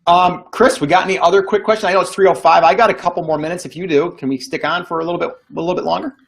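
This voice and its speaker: A man's voice: high voice, steady tone, very fast, vocal fry. A man hosting a casual live online show, chatty with lots of fillers and easy laughter, on a video call mic. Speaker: podcast host. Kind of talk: casual livestream chat.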